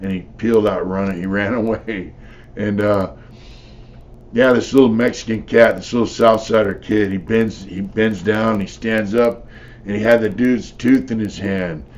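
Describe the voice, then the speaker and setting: A man's voice: fairly low pitch, fairly even intonation, normal speed. An older man, a former prisoner, telling his stories in a blunt, profane, rambling way with lots of "you know.". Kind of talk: casual storytelling.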